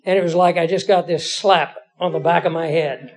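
A middle-aged male pastor with a high-pitched voice preaches a story from his own life. He keeps it folksy and conversational and pokes fun at himself. He talks to the congregation as if chatting with friends. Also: fairly even intonation, normal speed. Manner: conversational, folksy, self-deprecating. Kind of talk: storytelling sermon.

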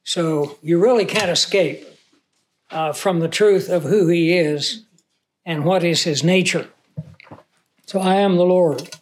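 A pastor with a high-sitting voice preaches a Bible teaching sermon conversationally. He asks the audience questions and reads scripture slowly and emphatically.

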